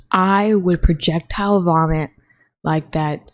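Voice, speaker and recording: A woman's voice: lowish voice, a little slow. Rambling, foul-mouthed young woman podcaster. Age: young adult. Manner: rambling, profane and blunt. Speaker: podcast host. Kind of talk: casual solo podcast chat.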